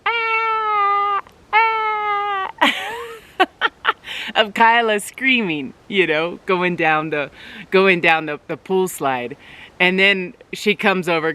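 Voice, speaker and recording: A woman vlogger telling a casual story, getting animated with sudden high bursts when excited. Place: outdoors at a forest cabin.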